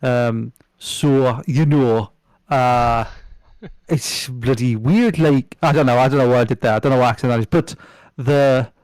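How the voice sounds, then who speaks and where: A man's voice: medium pitch, steady tone, moderate pace, a little mellow, clean tone, dry recording. Rambling, swearing man on a dry mic. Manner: rambling, swears freely, lots of fillers and restarts. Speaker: podcast guest. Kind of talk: casual chat.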